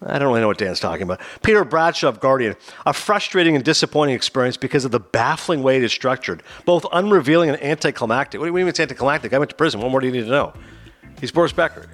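A man hosting a talk show, retelling a documentary in a casual, animated way and slipping into quoted voices. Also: medium pitch, racing, faint music behind. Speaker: host.

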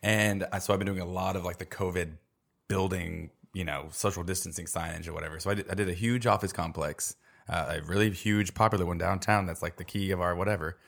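A man's voice: sits low, steady tone, brisk, vocal fry, a bit bright. A man co-hosting a podcast, telling a loose, rambling story with lots of fillers. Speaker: podcast co-host. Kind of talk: casual chat.

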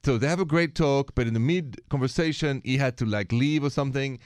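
A man's voice: mid-range voice, brisk, clean tone, no echo, clean studio sound. A man with a French accent co-hosting a radio talk show, chatty and easygoing as he reads out listener emails. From France. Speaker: radio co-host.

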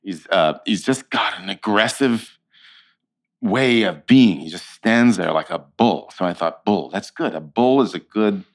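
A man who is an actor and interview guest, telling stories in an animated way, with frequent restarts and laughter. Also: on the low side, unhurried. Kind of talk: conversational anecdotes.

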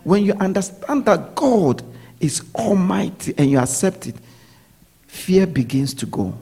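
A man delivers a sermon in a husky, slightly raised voice. He repeats key phrases and keeps checking that his listeners are with him. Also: high-pitched, big pitch swings, unhurried, warm tone. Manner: repetitive preaching, checks in with listeners. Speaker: preacher.

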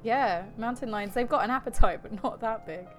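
A woman's voice: fairly high pitch, a little fast, faint music behind. A woman co-hosting a podcast, telling a creepy story in a jokey, giggly way and swearing casually. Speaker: podcast co-host.

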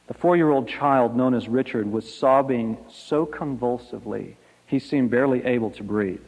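Man, sermon, hushed dramatic storytelling, mid pitch, long hall reverb. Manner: slow, dramatic storytelling with soft, hushed line endings. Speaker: pastor. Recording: echoey hall.

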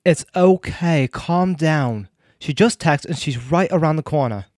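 A woman's voice: deep voice, lively intonation, unhurried, a little mellow. A woman playing a bandmate who poses as a famous Englishman. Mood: calm.

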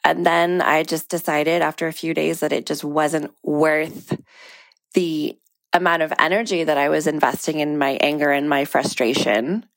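A woman's voice: deep voice, steady tone, normal speed, dry recording. A woman in her thirties, an interview guest, telling a personal story in a conversational way and briefly acting out the people she quotes.

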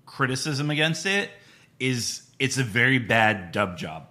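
Man, casual podcast chat, lively pitch, bright tone, easygoing. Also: a little slow.

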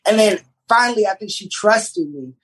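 Husky-voiced animated male storyteller. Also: high-pitched, normal speed, low-quality recording. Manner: animated storyteller, rambling restarts. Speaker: TV writer guest. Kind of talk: casual podcast chat.

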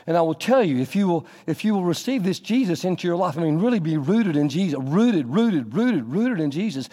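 A man preaching a sermon as pastor, animated, acting out little scenes in a raised voice. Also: high-pitched, breathy edge, big-room sound.

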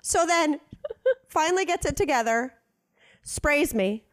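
A woman co-host telling a story in casual podcast chat, with a fairly high voice that swoops up and down a lot. She is animated, acts out what people said in changed voices, and swears casually. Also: measured pace.

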